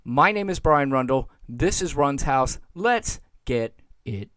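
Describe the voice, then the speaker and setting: With a mid-range, slightly bright voice, this man speaks slowly but animatedly, with no room sound. Hosting his own podcast, he offers opinionated solo commentary that's exasperated and sarcastic, mocking his subjects.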